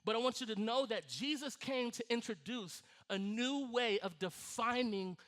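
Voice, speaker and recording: High-voiced, animated preacher man. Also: normal speed. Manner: animated storytelling, laughing and acting out scenes. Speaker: pastor. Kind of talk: sermon.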